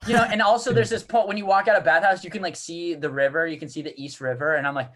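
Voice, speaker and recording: A man's voice: on the high side, fairly even intonation, quick pace, fairly bright tone. A man co-hosting a comedy podcast, rambling through a casual anecdote with lots of restarts. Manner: rambling, restarts, laughs through his stories. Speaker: podcast co-host.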